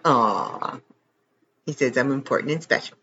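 A man's voice: medium pitch, lively intonation, measured pace, bright, forceful tone, muffled recording, a little hiss or hum. A man hosting a podcast late at night, tired and rambling, chatting casually with self-deprecating jokes and frequent chuckles. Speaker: podcast host. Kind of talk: casual chat.

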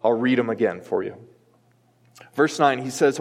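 A man's voice: mid-range voice, normal speed, vocal fry, pauses often. A man in his thirties preaching a sermon as a pastor, earnest and emphatic, telling a family story to make his point. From United States. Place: church sanctuary. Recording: long reverb of a church hall.

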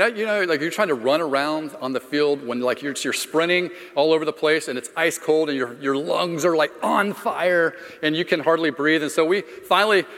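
Middle-aged male pastor, casual storyteller with jokes at his own expense, slightly high voice, long reverb of a big room. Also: a bit bright. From Florida. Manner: conversational storyteller, self-deprecating humor. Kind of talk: sermon with personal story.

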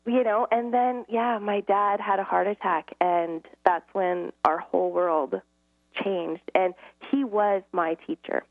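A woman's voice: medium pitch, steady tone, slow pace, dry recording. Earnest woman on a tinny line. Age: middle-aged. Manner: earnest storyteller who acts out dialogue and often laughs. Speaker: guest. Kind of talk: casual interview storytelling. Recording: tinny phone-line audio, dry.

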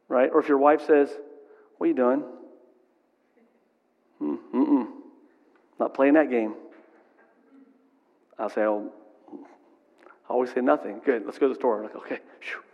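A middle-aged male pastor preaching in a conversational way, often checking in with the congregation. His voice is a little high and sits in a long hall reverb. The sound is dull and muffled. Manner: conversational, asks the crowd "right?". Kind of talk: sermon.

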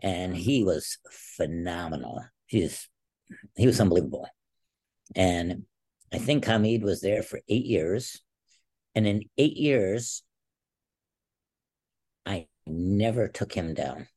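Brief: low-voiced man in his sixties, guest storyteller, emphatic and rambling, full of restarts. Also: lively intonation, slow, pauses often, dark tone. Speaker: interview guest, former Olympic wrestler. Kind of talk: storytelling in a casual interview.

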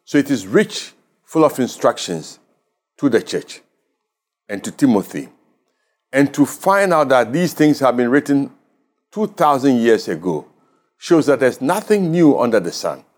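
A man with a Ghanaian English accent preaching a radio sermon as pastor, measured and emphatic, leaning on key words. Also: mid-range voice, sing-song.

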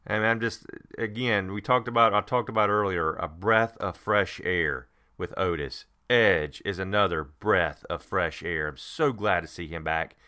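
Middle-aged man, casual podcast chat, very low pitch, bright crisp voice, emphatic and enthusiastic. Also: a little slow, few pauses. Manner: emphatic, enthusiastic, many restarts. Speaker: podcast co-host. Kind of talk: casual wrestling prediction chat.

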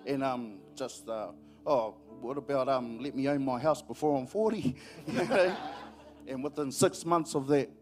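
A man's voice: medium pitch, normal speed, soft background music. A man chatting casually about his faith in an on-stage church interview, with tag questions and laughing asides. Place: church service.

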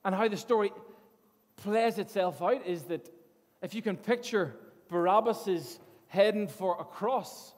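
Male preacher, high voice, earnest storytelling with frequent word repeats; long echoing hall. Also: a little slow. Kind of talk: sermon.

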